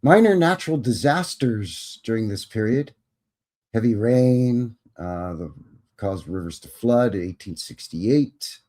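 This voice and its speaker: A man's voice: fairly low pitch, lively intonation, unhurried, a little mellow. Canadian man reading with wry asides. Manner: reads text aloud then adds wry asides; folksy, says "bud" and "eh". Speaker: livestream host. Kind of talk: casual commentary reading aloud.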